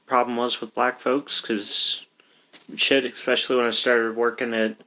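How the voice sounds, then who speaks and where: A man's voice: medium pitch, flat delivery, normal speed, bright, forceful tone. A man in casual podcast chat, telling a story loosely and with swearing.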